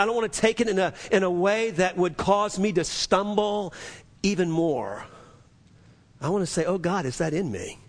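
High-voiced preacher in a reverberant hall. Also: male voice. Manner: earnest, repetitive preaching with many restarts. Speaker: pastor. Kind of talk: sermon.

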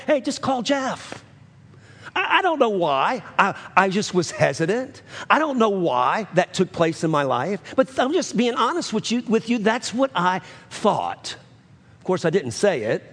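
A man preaching a sermon, telling a story earnestly and emphatically, often repeating and restarting phrases. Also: high voice. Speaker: pastor. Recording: long hall reverb.

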